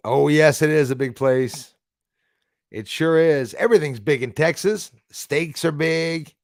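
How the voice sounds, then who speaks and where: A man's voice: on the high side, unhurried, dry recording, studio quality. A man hosting a casual live stream, chatting with viewers by name and swearing casually. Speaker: livestream host.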